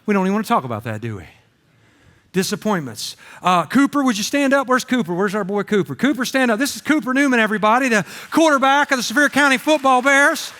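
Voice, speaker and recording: Middle-aged man, pastor, storytelling sermon, high lively voice. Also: fast. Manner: animated storytelling with comic voices. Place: church auditorium. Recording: long hall reverb.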